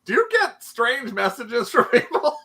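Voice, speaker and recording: A man hosting a casual podcast chat, animated, exclaiming and laughing often. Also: very high-pitched, a little slow. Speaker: podcast host.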